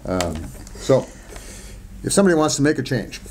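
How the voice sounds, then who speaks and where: A man hosting a podcast interview, asking brief questions with halting restarts. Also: medium pitch, very animated, a little mellow, slight background noise. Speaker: podcast host.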